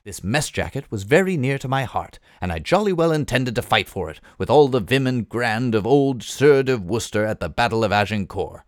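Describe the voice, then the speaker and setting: Expressive man reading a comic novel. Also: medium pitch, fairly quick, few pauses, no echo, studio quality. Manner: lively, expressive storytelling. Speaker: reader.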